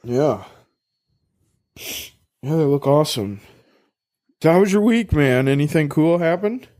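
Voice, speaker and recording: A man's voice: on the high side, expressive, measured pace, a little mellow. A man co-hosting a podcast in casual chat, congested with a cold, joking and teasing and laughing often. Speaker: podcast co-host.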